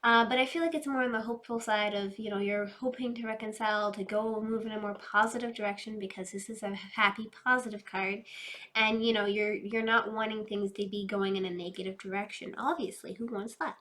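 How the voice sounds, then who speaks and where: A woman doing a casual, chatty tarot reading, fast-talking and loose, addressing her viewers directly. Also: mid-range voice, steady tone, a bit bright. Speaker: tarot reader.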